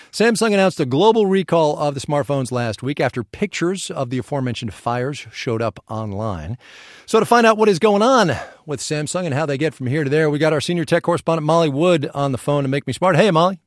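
A man's voice: a little high, expressive, dry recording, studio quality. A man hosting a business news program, reading scripted lines with wry humor and bantering with a correspondent. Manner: wry, quick-witted banter. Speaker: radio business news host.

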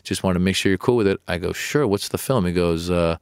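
A middle-aged male comedian telling stories in an interview, animated and acting out his own replies. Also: fast talker, clear, resonant tone, no room sound, studio quality. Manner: animated storyteller, acts out his own protests in a higher voice. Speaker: comedian guest. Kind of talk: storytelling interview chat.

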